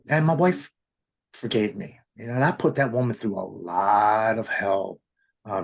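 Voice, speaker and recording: Earnest man with a lowish voice sharing a candid recovery story, stumbling through restarts. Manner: earnest, halting with many restarts. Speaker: podcast guest.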